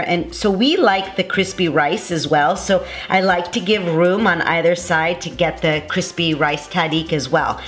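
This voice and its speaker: An enthusiastic woman chef walks through a recipe in a kitchen, gushing over every step. Her voice carries an echoey ring from the room. Music plays clearly behind her. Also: fairly low pitch. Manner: effusive, enthusiastic, chatty. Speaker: cooking show host. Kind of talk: cooking demonstration.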